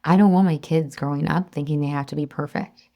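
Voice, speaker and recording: A woman in her thirties speaks in a slightly low voice as a weight loss coach addressing a webinar audience. Her talk is chatty and encouraging, and she now and then acts out her own inner voice. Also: a little fast, mellow.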